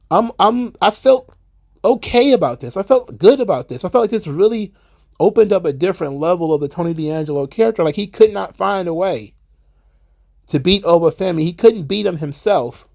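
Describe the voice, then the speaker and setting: A man with a slightly higher-than-usual, gravelly voice talks through a wrestling episode in a loose, conversational recap. He slips in quick paraphrased lines for the characters as he goes, keeping it chatty and offhand. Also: darkish tone. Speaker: wrestling show reviewer. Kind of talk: casual commentary recap.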